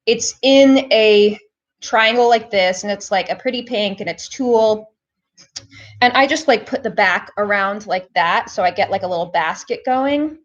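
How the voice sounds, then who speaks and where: A woman's voice: mid-range voice, unhurried. Woman streamer, chatty tutorial host, talks straight to viewers, a bit dull lo-fi sound. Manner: chatty, filler-heavy, talks to viewers as "guys". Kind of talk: casual live-stream hair tutorial.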